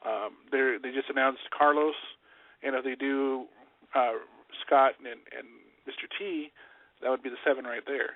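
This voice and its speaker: A man's voice: mid-range voice, steady tone, normal speed, dry recording. Man chatting over a tinny phone line. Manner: rambling, lots of fillers and restarts. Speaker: podcast co-host. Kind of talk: casual wrestling radio chat.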